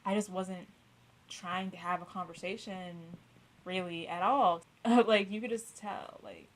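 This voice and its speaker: A woman's voice: on the low side, fairly even intonation, unhurried, low-quality recording. A young woman co-hosting a podcast in casual chat, blunt and rambling, swearing often and filling with "like". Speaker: podcast co-host.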